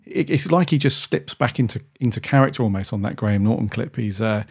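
A man's voice: mid-range voice, animated, fast talker, vocal fry, husky. A man co-hosting a podcast, chatting casually in a rambling way with many restarts. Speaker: podcast co-host. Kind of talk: casual chat.

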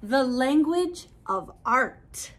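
A woman's voice: sits high, big pitch swings, slow pace, fairly bright tone, full character voice. Woman reading as a passionate graceful art teacher.

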